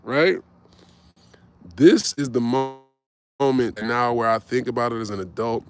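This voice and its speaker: Animated storytelling man in his forties. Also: mid-range voice, measured pace. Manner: animated, swearing, tags lines with "right?". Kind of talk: casual storytelling.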